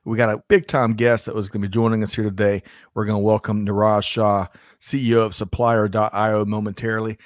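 A man's voice: on the low side, no echo, studio quality. A man co-hosting a business livestream, greeting viewers by name with upbeat, joking banter. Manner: energetic, reads out viewer names, jokey. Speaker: livestream co-host. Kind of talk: upbeat live show banter.

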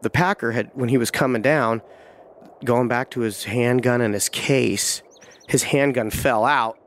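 A hunting guide telling a tense first-person story, vivid and halting, with frequent restarts. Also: male voice, mid-range voice, a bit bright, slight background noise.

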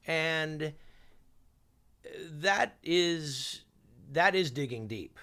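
A man, a chef and TV host, speaking as a guest in an interview and telling stories in a lively way, acting out other people's lines. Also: medium pitch, moderate pace. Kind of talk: animated storytelling.

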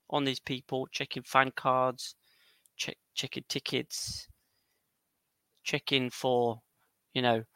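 Bright-voiced man co-hosting a football chat. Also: medium pitch, clean tone, no echo. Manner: animated, laughs often, reads documents aloud. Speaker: podcast co-host.

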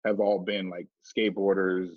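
A middle-aged man telling a story in casual chat, animated and swearing, acting out what people said in a raised voice. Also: low voice, normal speed, dry recording. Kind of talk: casual storytelling with acted quotes. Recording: dull lo-fi.

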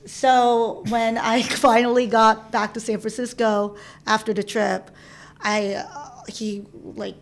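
A woman in her thirties telling a personal story in casual chat, animated, acting out the voices of people she quotes. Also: a little high, takes it slowly, vocal fry, slight background noise. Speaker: interview guest. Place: San Francisco.

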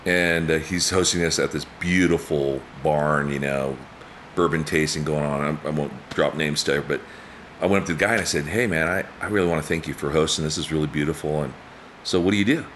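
A man's voice: a little fast, slight background noise. A man in his fifties telling stories in a casual chat, acting out quotes and laughing often. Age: 50s. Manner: animated storyteller, acts out quotes with big pitch jumps, laughs often. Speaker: guest.

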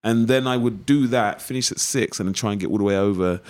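A man's voice: lowish voice, fast talker. A man from East London with a local accent, an actor telling stories in an interview and acting out old conversations. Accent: East London English. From East London, England. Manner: animated storyteller acting out past conversations. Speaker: actor guest. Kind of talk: interview storytelling.

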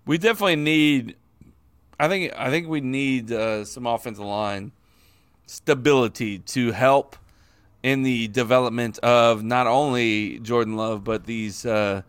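A man's voice: medium pitch, measured pace, fairly bright tone, clean tone, no room sound. Joking, swearing male podcast host. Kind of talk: casual sports chat.

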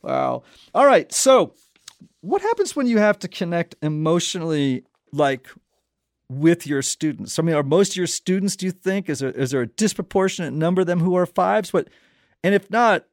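A gravelly, fairly high-pitched man hosts a relaxed interview with a lively storytelling flair. He laughs easily as he talks. The sound is close and dry, with no room around it. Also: moderate pace, no echo. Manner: animated storyteller, laughs often. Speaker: podcast host. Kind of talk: casual conversational interview.

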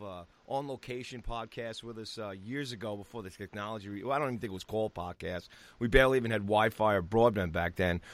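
Upbeat man co-hosting a sports podcast. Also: mid-range voice. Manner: energetic, chatty, repeats words when starting sentences. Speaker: podcast co-host. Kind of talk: casual sports podcast chat.

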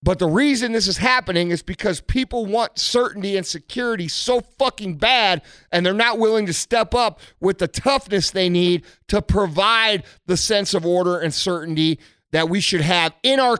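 Blunt, swearing high-voiced man. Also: moderate pace, a bit bright, clear, resonant tone, dry recording, clean studio sound. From United States. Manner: blunt, aggressive, heavy swearing. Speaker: motivational speaker. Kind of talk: profane motivational rant.

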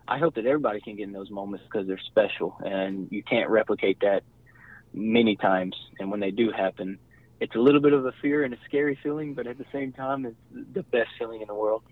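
A man who pitched pro baseball, a podcast guest talking in a relaxed, reflective way with many fillers. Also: fairly quick, no room sound, phone-quality sound. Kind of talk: casual interview chat.

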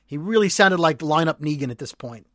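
A man co-hosting a podcast, retelling a TV episode as an animated storyteller who acts out the quotes. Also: on the high side, brisk, no echo, studio quality. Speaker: podcast co-host. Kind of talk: casual recap chat.

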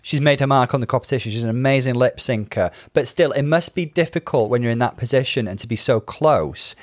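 A man's voice: medium pitch, dry recording, studio quality. A man co-hosting a casual chat podcast, thoughtful and analytical, weighing stats and feelings. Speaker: podcast co-host.

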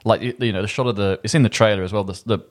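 A man chatting casually about a film, lively and quick, often restarting his sentences. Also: lowish voice. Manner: animated, quick bursts, frequent restarts. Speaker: film review podcast host.

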